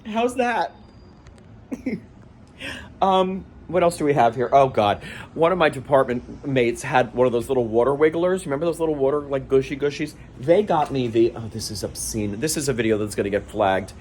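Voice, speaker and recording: A man's voice: medium pitch, brisk, a little mellow, a little hiss or hum. A man in the wardrobe department of a theater, talking casually and emotionally into his phone camera at home, gushing and laughing at himself. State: emotional, near tears. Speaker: theater wardrobe worker and vlogger. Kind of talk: casual selfie vlog. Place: at home, then a bathroom.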